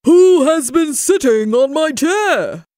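A woman voicing a big, cross papa bear, crying out in booming lines. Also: animated, takes it slowly, a little mellow, no echo, studio quality. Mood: indignant. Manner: booming cries.

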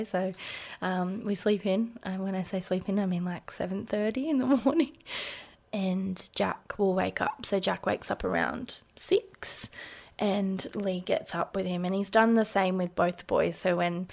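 A woman in her thirties with an Australian accent, casually telling a personal story in an interview with lots of "like" fillers and a hushed voice at times. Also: mid-range voice, creaky. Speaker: interview guest.

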